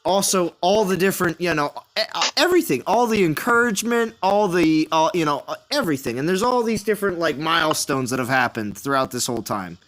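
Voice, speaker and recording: A man's voice: on the high side, expressive, brisk, hardly any pauses, fairly bright tone. A man hosting a gaming stream, talking loosely with friends and reading chat, full of fillers and restarts. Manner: rambling, lots of fillers and restarts. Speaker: streamer and host.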